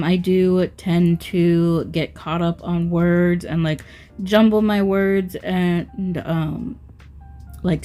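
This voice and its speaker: Her voice lowish and mellow, a woman rambles slowly through a casual nail art voice-over, leaning heavily on "um" and "like."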